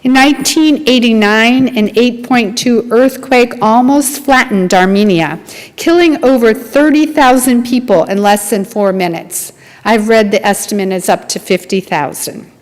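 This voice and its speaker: Woman, sermon, earnest dramatic storytelling, fairly high voice, long hall reverb. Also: unhurried. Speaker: lay speaker at a congregation.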